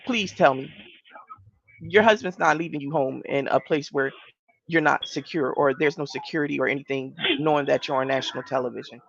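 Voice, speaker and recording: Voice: medium pitch, a little fast, gravelly, fairly bright tone, no room sound. A co-host in casual chat, sassy and skeptical, mocking what they watched with exaggerated imitations. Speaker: podcast co-host. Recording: dry, slightly dull sound.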